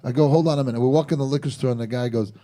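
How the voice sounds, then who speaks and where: Mellow male storyteller, acts out each line of dialogue, salty language. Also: medium pitch, racing. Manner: animated, acts out quotes, swears. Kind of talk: casual storytelling.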